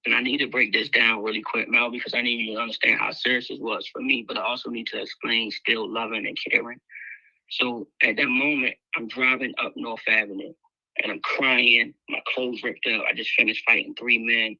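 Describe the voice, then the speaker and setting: A man's voice: medium pitch, level tone, a little fast, sharp tone, no echo, muffled recording. A man telling a raw personal story, candid and emotional, full of fillers. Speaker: guest speaker sharing his life story.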